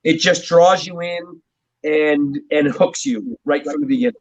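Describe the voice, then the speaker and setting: A man's voice: high voice, big pitch swings, unhurried, creaky. A man from New Jersey, a drummer guest, telling stories in a casual, rambling way and chuckling often. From New Jersey, USA. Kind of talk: casual interview chat. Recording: dull, muffled lo-fi sound.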